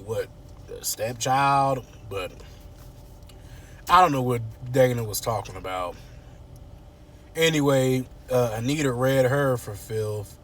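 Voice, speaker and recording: A man giving an animated, slangy casual recap of a TV series while sitting in his car. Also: mid-range voice, slow pace, long pauses, slight background noise. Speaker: TV series reviewer. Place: inside a parked car at night.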